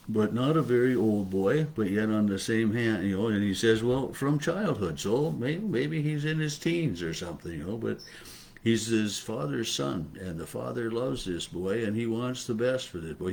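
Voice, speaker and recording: A man, a pastor, giving a loose daily devotional on a Bible passage, halting and thoughtful, full of fillers and restarts as he muses aloud. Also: fairly low pitch, creaky, a little mellow.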